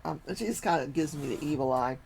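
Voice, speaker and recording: An older woman hosting a casual talk show, telling a long workplace story and acting out the people in it with lively, animated quoting. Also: deep voice, quick pace, creaky, slight background noise, poor audio. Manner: animated, acts out quoted people.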